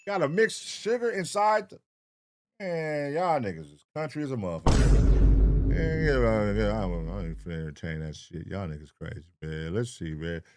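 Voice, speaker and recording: A man hosting a casual livestream reaction show, talking with profanity and calling out viewer names in an animated roll call. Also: lowish voice, moderate pace, very noisy. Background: hip hop music.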